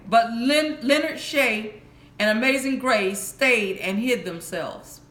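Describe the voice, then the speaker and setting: A woman reads a bedtime story for adults in a slow, measured way and sometimes stops to correct a word. Her voice sits a little high. The sound rings in an echoey room. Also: a bit bright. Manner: slow, careful reading with small restarts.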